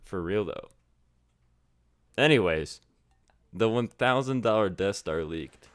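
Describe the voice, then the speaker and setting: A young man co-hosting a podcast in casual chat, teasing his friend and trailing off low at the ends of lines. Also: lively intonation, slow. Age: young adult. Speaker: podcast co-host.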